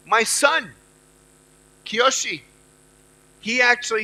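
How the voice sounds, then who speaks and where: A man in his thirties delivers an inspirational speech, his voice very high for a man and sharply bright. He repeats key lines and urges the audience on. He moves between loud, punchy bursts and quiet storytelling. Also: measured pace. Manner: emphatic, repeats lines and rallies the crowd. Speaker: motivational speaker.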